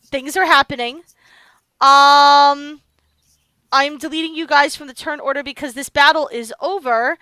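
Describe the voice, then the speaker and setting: High-voiced, excitable woman game master. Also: no echo. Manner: excited, halting narration. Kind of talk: narrating a tabletop game.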